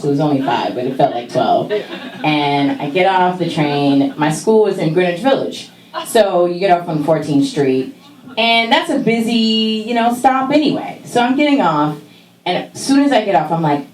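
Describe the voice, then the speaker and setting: Animated woman telling a story on stage. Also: echoey room, recorded from a distance, poor audio. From California. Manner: animated, laughing, acts out voices with big pitch jumps. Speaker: stand-up comic telling a story. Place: stage in a small venue.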